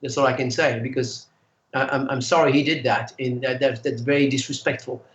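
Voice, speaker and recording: A man, a guest singer, telling animated stories in casual chat and acting out the voices of people he quotes. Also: mid-range voice, brisk, reverberant, dull audio. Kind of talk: casual storytelling.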